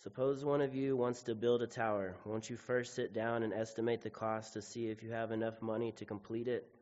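A man reading a scripture passage aloud in a steady, even way. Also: lowish voice, brisk. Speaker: scripture reader. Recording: dull sound with long hall reverb.

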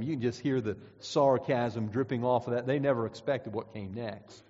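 A man's voice: mid-range voice, moderate pace, hardly any pauses, a little mellow. A man preaching a sermon, reading scripture aloud and pressing his points with emphatic, rising and falling delivery. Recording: dull sound with long hall reverb.

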